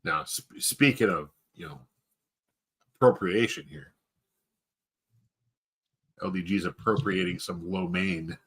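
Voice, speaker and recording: A man's voice: low-pitched, unhurried, long pauses, fairly bright tone, slightly rough. A man chatting casually on a live-stream voice call, crude and wisecracking.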